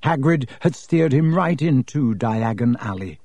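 Mellow-voiced male audiobook narrator. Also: mid-range voice, animated, unhurried, dry recording.

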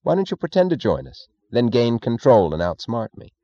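A man's voice: mid-range voice, big pitch swings, moderate pace, warm tone, no echo, highs cut off, pitched above the performer's own voice. A man voicing a blustering, anxious political boss in an audiobook, defensive and flustered. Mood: helpless. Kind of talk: audiobook character voice.

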